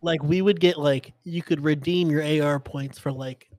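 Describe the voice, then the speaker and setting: Easygoing man with a higher voice. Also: steady tone, darkish tone, dry recording, studio quality. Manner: casual, easygoing, asks quick questions. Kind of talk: casual podcast chat.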